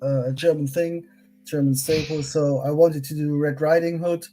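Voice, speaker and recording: A livestream panelist in casual chat, halting and full of fillers. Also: mid-range voice, fairly even intonation, dark tone, faint music behind, low-quality recording.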